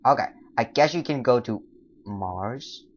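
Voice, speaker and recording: A young man whose first language is not English, rambling through casual let's play commentary with sudden loud, silly outbursts. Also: mid-range voice, unhurried, dull audio, a little hiss or hum. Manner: rambling, excitable, bursts of loud silly exclamations. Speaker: gamer.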